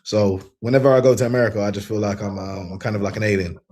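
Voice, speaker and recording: Husky-voiced British man chatting easily. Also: fairly low pitch, steady tone, very fast, a little mellow. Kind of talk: casual livestream chat.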